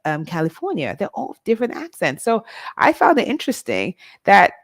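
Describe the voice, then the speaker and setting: A woman's voice: mid-range voice, wildly swooping pitch, brisk, dry recording, studio quality. A middle-aged woman from Nigeria, talking candidly and directly to her listeners in a reflective personal monologue. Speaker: vlog host.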